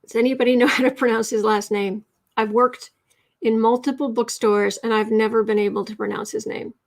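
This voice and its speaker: A woman's voice: fairly high pitch, steady tone, brisk. Chatty woman hosting a writing livestream. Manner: chatty, reads viewer comments aloud, self-correcting. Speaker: livestream host and writing coach. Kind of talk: casual livestream chat and writing lesson.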